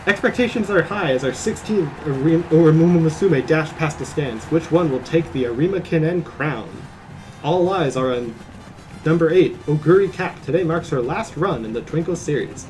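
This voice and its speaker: A man's voice: on the high side, animated, normal speed, a little mellow, a little hiss or hum, natural voice, rough recording. A man voicing an old-fashioned male race announcer in a theatrical transatlantic voice while reading game text on a stream. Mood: excited.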